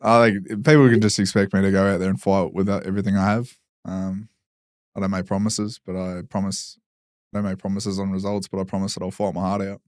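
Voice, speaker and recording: Australian man, deep quick voice, understated podcast guest. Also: little pitch movement, no echo, clean studio sound. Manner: low-key, brief answers. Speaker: guest fighter. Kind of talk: casual podcast chat.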